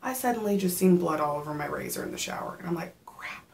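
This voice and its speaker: A pregnant woman in her thirties chatting casually in a vlog, telling stories with animated quoted asides and sometimes getting out of breath. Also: on the low side, quick pace, gravelly. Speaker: vlogger.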